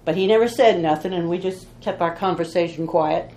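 A woman's voice: on the low side, brisk, a little mellow, reverberant. A woman teaching a Bible study in an informal, folksy way, telling stories and asking rhetorical questions.

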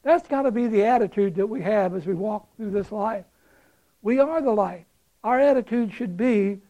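Fervent high-voiced male pastor. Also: moderate pace, dark tone, muffled recording. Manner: fervent, repeats phrases for emphasis. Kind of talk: sermon.

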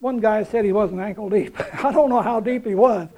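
A male preacher delivering a sermon in a warm, mellow voice. He tells the story conversationally, with little chuckles, and leans on repeated phrases for emphasis. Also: high voice, moderate pace, low-quality recording.

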